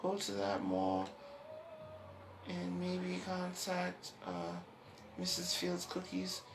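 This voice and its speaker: A woman hosting her own talk show, rambling from topic to topic, restarting phrases and laughing softly. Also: on the low side, takes it slowly, vocal fry, background noise. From United States. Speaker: show host.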